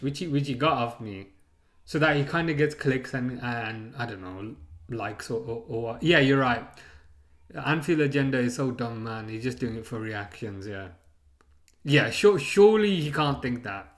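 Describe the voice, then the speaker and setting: A man's voice: mid-range voice, moderate pace. A man streaming a live football watchalong, chatting casually and ranting with many restarts. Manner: rambling, excitable rants with repeated restarts.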